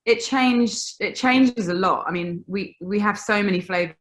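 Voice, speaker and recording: A woman's voice: mid-range voice, normal speed, a bit bright. A woman in her thirties from England, a baker chatting on a video call, laughing often and restarting her sentences. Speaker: baker, guest. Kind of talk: casual video-call chat.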